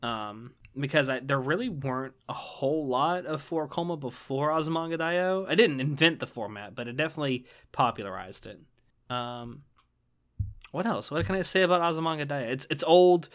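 A man's voice: a little high, lively intonation, normal speed. A man co-hosting a casual podcast chat, rambling with many ums and restarts. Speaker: podcast co-host.

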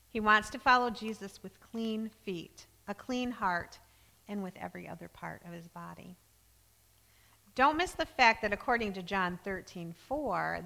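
A woman delivers a sermon with a bright, forceful voice, putting earnest emphasis on the scripture she reads aloud. Her voice trails off into the long reverb of a church hall. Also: fairly high pitch, vocal fry. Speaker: preacher.

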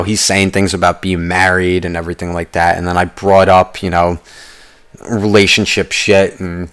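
A young podcast host speaks in a low voice with a clean tone, telling a long, rambling story in a casual way. He restarts often, adds asides and swears constantly.

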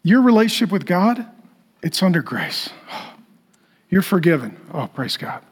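A man with a high voice preaching a sermon. He repeats his key phrases for emphasis and swings between loud and hushed delivery. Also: sing-song, a little slow, breathy edge. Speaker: pastor.

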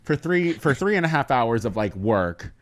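A man hosting a casual podcast, telling animated stories full of swearing and laughter. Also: medium pitch, moderate pace. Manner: animated, profane storytelling with laughter. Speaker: podcast host.

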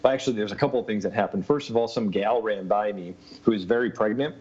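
The guest here has a low-leaning, slightly mellow voice with a breathy edge, and he speaks at a quick pace. He casually rambles through a long story from his life, laughing often and dropping lots of ums and you-knows; the audio is muffled and lo-fi.

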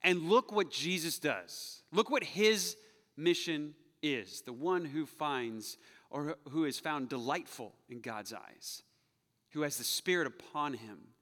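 A man's voice: medium pitch, fairly bright tone, in a large hall. A middle-aged male pastor preaching a sermon, playful and joking, slipping into mocking voices when he quotes.

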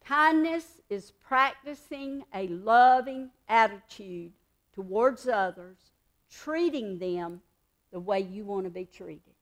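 Slow, earnest woman teaching devotionally. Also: mid-range voice, expressive. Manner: emphatic repetition. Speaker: Christian speaker.

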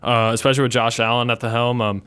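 A man's voice: medium pitch, level tone, fast talker, fairly bright tone, clear, resonant tone. A man on a sports panel rambling through answers full of "you know" and "um". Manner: rambling, lots of fillers. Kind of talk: casual sports talk.

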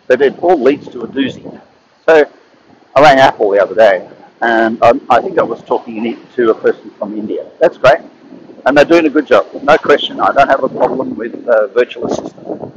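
A man's voice: medium pitch, highs cut off, a little hiss or hum. A man telling stories in a casual monologue, rambling and often repeating and restarting his words. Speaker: speaker sharing advice.

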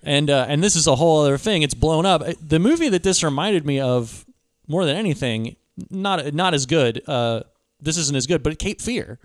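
A man's voice: a little high, lively intonation, normal speed, no room sound, studio quality. A man co-hosting a podcast, talking films casually and with enthusiasm, full of fillers and restarts. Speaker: podcast co-host. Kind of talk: casual film discussion.

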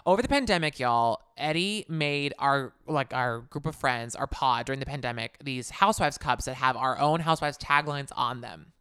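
Chatty, emphatic podcast co-host, smooth dry sound. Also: medium pitch, moderate pace, few pauses, fairly bright tone, dry recording. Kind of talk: casual chat recapping a reality show.

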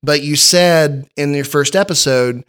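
A man's voice: on the high side, measured pace, fairly bright tone, clean tone. Male podcast host, chatty and rambling, trips over his own sentences. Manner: rambling storyteller with many restarts. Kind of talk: casual podcast chat.

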